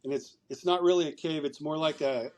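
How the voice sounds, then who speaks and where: A man's voice: a little high, steady tone, brisk, a little mellow, faint music behind. A man, a podcast guest, telling a long story over a remote call, rambling and repeating words as he recounts conversations.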